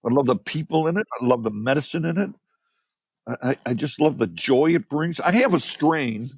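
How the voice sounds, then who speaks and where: A man in his sixties from Chicago, a podcast guest telling rambling, animated stories. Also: a little high, moderate pace, slightly rough, no echo, studio quality. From Chicago, USA. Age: 60s. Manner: animated, rambling, repeats words. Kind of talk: casual storytelling interview. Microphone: podcast mic.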